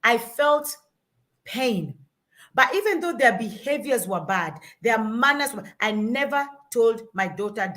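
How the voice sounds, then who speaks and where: A woman's voice: a little high, lively intonation, unhurried, a bit bright. A middle-aged Kenyan woman with a Kenyan accent, giving earnest parenting advice in an emphatic, repetitive storytelling way. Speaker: parenting guest.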